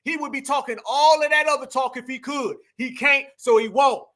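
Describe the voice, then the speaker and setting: A man hosting a livestream, delivering animated, profane ranting commentary straight to his audience. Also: very high voice, moderate pace. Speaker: livestream host.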